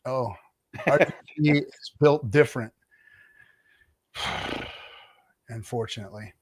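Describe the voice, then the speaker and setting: This middle-aged man's voice is mid-range, a touch mellow and slightly rough, slow-paced and free of room sound. He's a guest on a livestream, casually telling a lengthy story and performing others' lines.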